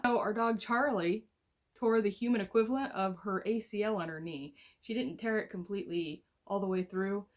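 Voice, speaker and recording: A woman's voice: medium pitch, normal speed. Chatty woman from Missouri vlogging. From Missouri, US Midwest. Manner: chatty and rambling, laughs easily. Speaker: vlogger and family caregiver. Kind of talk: casual chat to camera. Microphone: camera mic at home.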